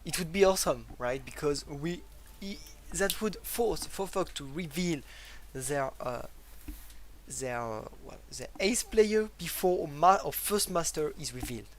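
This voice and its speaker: A man casting a live strategy game in casual, halting commentary with many fillers and a faint noise floor. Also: a little high, lively intonation. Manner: chatty, hesitant with many fillers, laughs. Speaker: esports caster.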